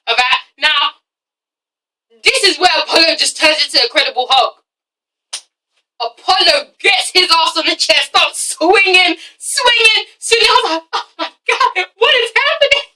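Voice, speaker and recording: A woman reviewing a TV episode in a casual vlog, animated and swearing freely, often breaking into laughter. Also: very high-pitched, unhurried, distant mic, low-quality recording. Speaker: TV show reviewer.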